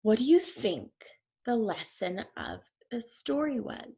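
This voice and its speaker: A woman's voice: on the high side, very animated, a little slow, vocal fry, mellow. A woman teacher reading a storybook to her class, stopping to explain words and ask questions.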